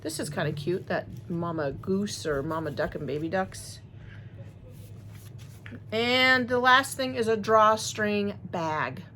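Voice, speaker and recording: A woman's voice: medium pitch, slow, pushed and bright, slight background noise. A woman chatting casually to her viewers, rambling and friendly as she unboxes crochet supplies. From Wisconsin, USA. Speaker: crochet vlogger.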